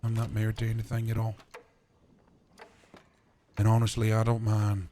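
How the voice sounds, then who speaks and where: A man roleplaying a preacher, talking in a calm, measured, persuasive way. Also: on the low side, slight background noise. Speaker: roleplayer voicing a preacher character. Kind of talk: in-character roleplay chat.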